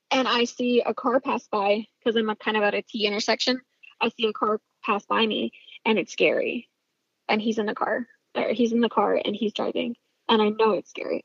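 Husky woman telling a story. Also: a little high, no echo, muffled recording. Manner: intense, swears freely, trails off with fillers. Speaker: storyteller recounting a personal family event. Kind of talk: casual spoken storytelling.

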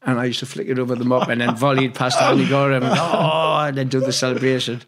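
A man's voice: mid-range voice, monotone, very fast. Geordie man telling blunt, sweary stories. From Newcastle, England. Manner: blunt, swears freely, rambling anecdotes. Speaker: guest, former footballer. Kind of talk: casual storytelling interview.

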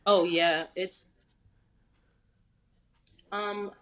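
A woman interview guest telling a personal story in a relaxed, chatty way with many fillers. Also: lowish voice, very slow.

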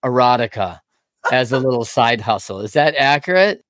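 A man's voice: medium pitch, sing-song, fairly quick, a bit bright, no room sound, studio quality. A man hosting an interview show, friendly and teasing, in a chatty, loose way. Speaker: podcast host. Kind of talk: casual interview talk.

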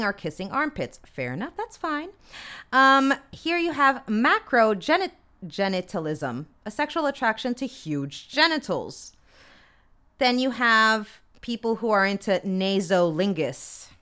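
A woman in her thirties talks through a list in a candid, chatty way, dropping wry comments and the odd curse. Her voice is bright and sharp, smooth and crisp, and her pitch rises and falls a great deal. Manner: candid, chatty, swears freely, comments wryly as she reads. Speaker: podcast host. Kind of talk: casual chat reading from a list.

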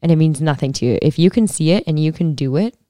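Laughing Canadian woman, smooth voice. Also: deep voice, quick pace, dry recording, clean studio sound. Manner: energetic, laughs often. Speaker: guest, motorcycle racer. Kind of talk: casual chat.

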